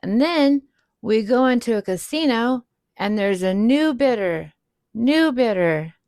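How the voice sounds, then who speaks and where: A woman's voice: on the high side, lively intonation, unhurried, darkish tone, no echo. A woman co-hosting a podcast, casually retelling movie scenes, quoting lines and laughing often. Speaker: podcast co-host. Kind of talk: casual movie recap chat.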